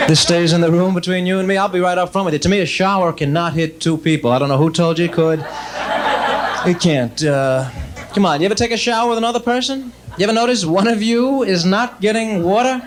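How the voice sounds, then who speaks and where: A man's voice: high voice, brisk, background noise. A man doing stand-up comedy, chatty and rambling, talking straight to the audience and slipping into exasperated mock dialogue.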